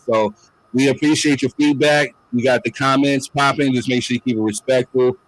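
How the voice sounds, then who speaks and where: A man's voice: medium pitch, fairly even intonation, moderate pace, faint music behind, low-quality recording. A man hosting a casual talk show, speaking loosely and filling his lines with "you know what I'm saying.". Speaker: podcast host. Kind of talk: casual chat.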